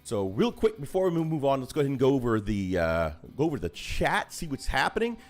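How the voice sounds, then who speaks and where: A man hosting a casual livestream chat, rambling and chatty, talking over a video call. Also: brisk. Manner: rambling and chatty, animated swings in pitch. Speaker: host of a hobby livestream.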